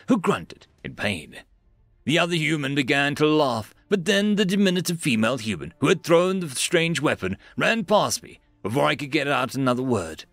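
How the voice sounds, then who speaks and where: A man's voice: on the high side, gravelly, fairly bright tone, dry recording. A man narrating a science-fiction story in a dry, storytelling manner, doing occasional voices for the characters.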